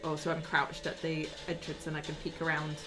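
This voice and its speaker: A woman's voice: sits low, monotone, a little fast. A woman playing a tabletop game, thinking aloud hesitantly with many fillers as she plans her turn. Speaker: player. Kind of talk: casual game talk. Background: music playing in the background.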